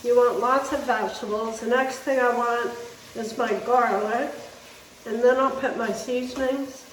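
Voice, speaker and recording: In a casual home cooking demo, a slow, chatty woman with a fairly high voice and fairly even intonation chops while chatting to her viewers. Her manner is folksy, and the distant mic captures a roomy kitchen with faint noise.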